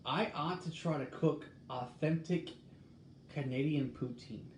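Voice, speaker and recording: A man in casual talk, reading a recipe aloud and musing in a halting way as he thinks out loud. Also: fairly high pitch. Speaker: host. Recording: echoey room with faint background noise.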